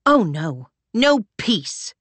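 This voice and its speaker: A woman voicing a fierce, battered woman librarian who talks in a sharp, snarling way that cracks with emotion. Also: mid-range voice, very animated, a little slow, no echo. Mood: furious.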